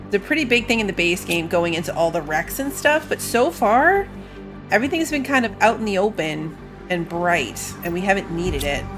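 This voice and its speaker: Talking over music, a very animated woman with a medium-pitched voice keeps a moderate pace. She's a gaming streamer and a tired mom of school-age children, giving rambling, casual let's-play commentary with occasional yawns.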